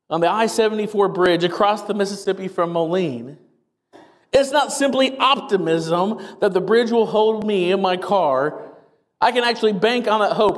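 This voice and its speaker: A man preaching as pastor, energetic and quick, with wry asides, getting a little out of breath as he gets excited. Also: high-pitched, long reverb tail. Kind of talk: sermon.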